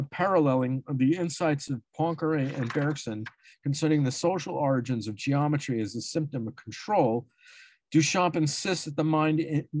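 At a symposium, an academic reads his prepared paper of dense prose, repeatedly stumbling over long words, then correcting himself and restarting. His voice sits on the high side, with no echo.

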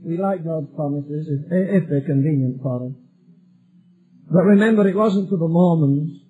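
A man's voice: on the high side, narrow, tinny audio. A male preacher delivering a sermon emphatically, building repeated phrases toward a climax.

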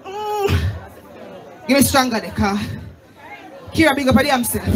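High-voiced Jamaican woman hyping a crowd. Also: fairly quick, long pauses. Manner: energetic, hyping the crowd, shouting greetings. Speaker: dancehall artist. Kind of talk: live stage performance with shout-outs. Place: live club event on stage. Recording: loud live event with music and crowd. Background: loud music and cheering crowd.

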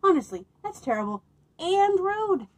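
Slow, expressive woman reading storybooks. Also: very high-pitched, poor audio. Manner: expressive, playful asides. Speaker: children's librarian. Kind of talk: reading picture books aloud to children.

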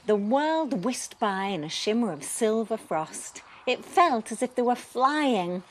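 A woman gently reading a children's bedtime story aloud in a soothing, expressive way. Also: a little high, slow, slight background noise.

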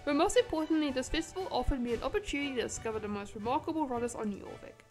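A woman's voice: high voice, expressive, rapid-fire, darkish tone, soft background music. A woman reading as a pompous baroness. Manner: grand, formal speech-giving. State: sick. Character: pompous aristocratic older female baroness.

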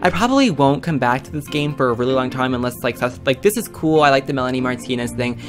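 A man giving comedic, theatrical game commentary as a YouTuber, excitable and prone to shrieking exclamations. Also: medium pitch, fast, over music. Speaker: gaming YouTuber.

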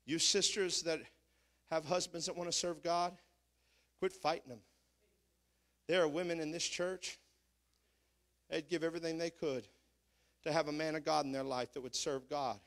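A man's voice: on the high side, fairly even intonation, moderate pace, pauses often, fairly bright tone. A male pastor preaching a fervent sermon in church, calling out to the congregation as he drives his points home.

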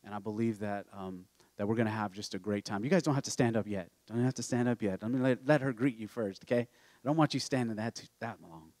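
A low-pitched man preaching to his congregation in a relaxed and chatty way. He restarts his phrases often, and his voice sounds dry and close. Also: fast talker, no room sound. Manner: casual, repeats himself and restarts. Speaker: pastor. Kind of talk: sermon. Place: church.

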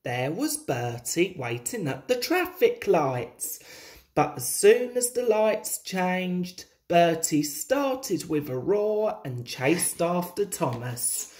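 Slow, expressive woman storyteller. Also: on the low side. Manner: gentle, expressive, confiding. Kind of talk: children's storybook reading.

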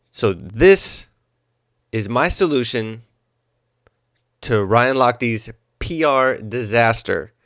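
A man's voice: medium pitch, dry recording, studio quality. A young adult man hosting his own podcast, rambling through a comedic monologue. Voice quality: animated, rambling. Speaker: podcast host.

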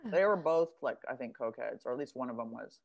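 A woman's voice: very deep voice, animated, quick pace, vocal fry, lo-fi sound. A woman guest on a casual podcast chat, talking wryly and sardonically with plenty of swearing. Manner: wry, profane, sardonic. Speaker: guest author.

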